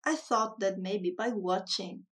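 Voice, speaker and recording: A woman voicing a lonely, timid ghoul who hides in attics, speaking a little higher and louder than her narration. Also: slow, recorded from a distance. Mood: eager. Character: lonely timid household ghoul, sulky and pleading.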